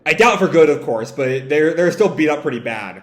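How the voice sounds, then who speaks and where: A man's voice: a little high, animated, a little fast. A man reads comics aloud in a casual, musing way, breaking off for his own asides. His voice rises and falls a lot. The room he is in echoes noticeably. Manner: musing, lots of fillers and asides. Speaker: manga reader. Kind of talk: casual read-aloud with commentary.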